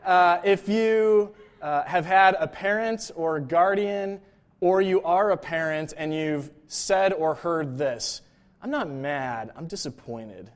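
A man preaching a sermon in a relaxed, conversational way, often checking in with "right?" and "like.". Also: high voice, takes it slowly, clean tone. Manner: casual, informal, frequent "like" and "right?" check-ins.

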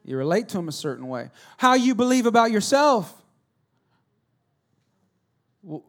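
High-voiced pastor preaching with humor. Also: male voice, very animated, brisk. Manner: humorous storytelling, swinging between loud and hushed. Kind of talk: sermon.

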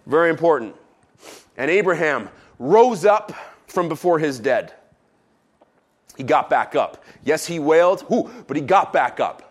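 A man preaching a sermon as pastor, who drops low and quiet for emphasis and adds playful asides. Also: animated, measured pace.

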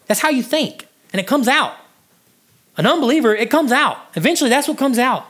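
Guy preaching a sermon, pitch all over the place, goes loud then real quiet, stumbles and repeats words. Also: fairly quick. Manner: animated preaching with swings between loud highs and low hushed lines; repeats words when restarting. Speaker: pastor.

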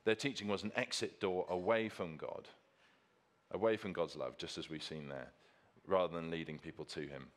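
Earnest low-voiced preacher. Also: male voice, fairly even intonation, moderate pace. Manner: earnest, emphatic, repeats key phrases for stress. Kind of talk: sermon with slides.

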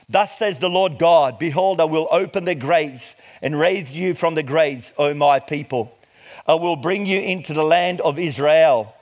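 A middle-aged man preaching a sermon, reading scripture slowly and with emphasis before explaining it. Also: fairly high pitch. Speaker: pastor.

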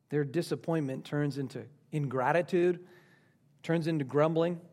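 A man preaching a sermon, swinging dramatically between lively and hushed delivery. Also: on the high side, moderate pace.

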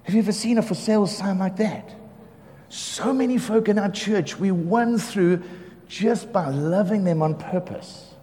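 Male pastor, high voice, animated storyteller; preached in a reverberant hall with faint ambient noise. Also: unhurried. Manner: animated storyteller, acts out quotes, laughs often. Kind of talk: sermon storytelling.

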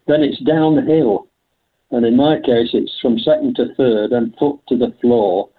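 A man's voice: mid-range voice, unhurried. An older man speaking as a guest in an interview, telling anecdotes in a chatty way with frequent laughs. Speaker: guest, veteran hill climb driver. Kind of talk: conversational interview. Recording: tinny phone line.

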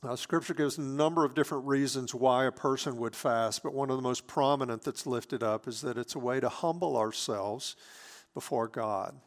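Male pastor, sermon, earnest, emphatic then hushed, mid-pitched voice. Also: normal speed.

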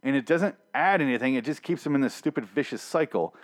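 A man's voice: mid-range voice, animated, fast talker. Man ranting sarcastically about a show. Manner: sarcastic, profane, exasperated ranting. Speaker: TV episode reviewer. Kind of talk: casual ranting review.

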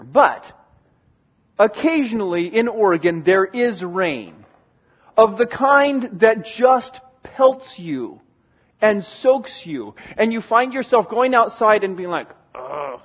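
A man's voice: high-pitched, lively intonation, a little slow, muffled recording. A pastor preaching a sermon to his church, earnest and emphatic, repeating key phrases for weight. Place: church in Oregon.

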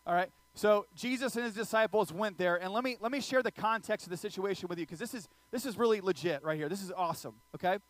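Male pastor, bright high voice, playful sermon storyteller. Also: fast, few pauses, no echo. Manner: animated, joking, audience asides.

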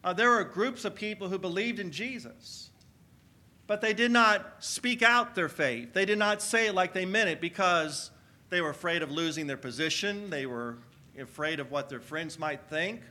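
A man's voice: sits high, moderate pace, pushed and bright. A man pastor preaching a sermon to his church, energetically calling on the congregation to answer back. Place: church sanctuary.

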